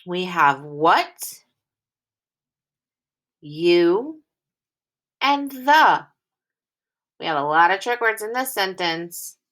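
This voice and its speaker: A young woman teaching a recorded phonics lesson to small children. Her bright voice moves up and down a lot as she reads each sentence slowly and carefully, phrase by phrase. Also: on the low side, expressive. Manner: slow, clearly enunciated reading, sentences read aloud in phrases.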